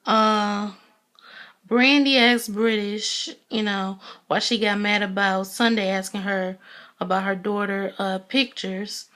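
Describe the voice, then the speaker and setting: A woman's voice: mid-range voice, fairly even intonation, takes it slowly, fairly bright tone. A young woman giving a casual, blunt, chatty review of a TV episode, with lots of ums. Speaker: TV show reviewer.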